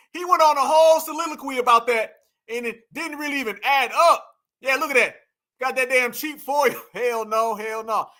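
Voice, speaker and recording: A man's voice: extremely high pitch, sharp tone. A man giving scornful reaction commentary, laughing often and repeating phrases for effect.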